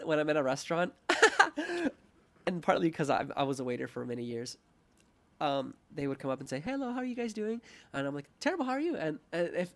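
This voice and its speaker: A young male podcast host rambles through a casual chat, mocking himself, laughing often, and acting out the voices he quotes. His pitch is fairly high, with vocal fry.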